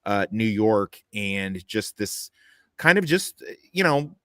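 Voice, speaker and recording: A man chatting casually about a film he saw, rambling and animated with lots of fillers and restarts. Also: lowish voice, slow pace, no echo, studio quality. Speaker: panelist. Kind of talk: casual film review chat.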